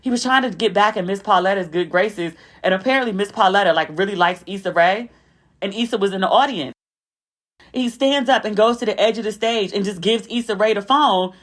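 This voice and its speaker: A young adult woman hosts her podcast in a casual, chatty way, running through stories with plenty of asides. Her voice sits at a middle pitch, and she jumps higher whenever she acts out what someone else said. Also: a little fast, fairly bright tone. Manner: chatty storytelling, acting out quotes with a raised pitch. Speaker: podcast host. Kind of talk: casual chat.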